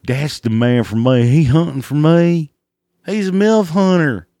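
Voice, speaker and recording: Mocking voice of a swooning trashy woman, put on by a man, high and drawling. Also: unhurried, dark tone, no room sound, studio quality. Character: trashy woman swooning over a redneck, adult.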